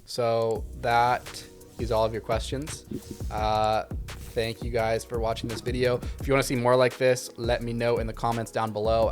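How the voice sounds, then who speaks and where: A man hosting a casual question-and-answer video, giving relaxed, conversational advice with frequent ums and uhs. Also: on the low side. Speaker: video production channel host.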